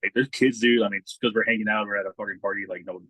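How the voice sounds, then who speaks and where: Male podcast co-host, husky, low-ish, relaxed storyteller who swears a lot; dry close mic. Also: very fast, dry recording, rough recording. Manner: laid-back, swears a lot, acts out quotes in a raised voice. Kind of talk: casual chat.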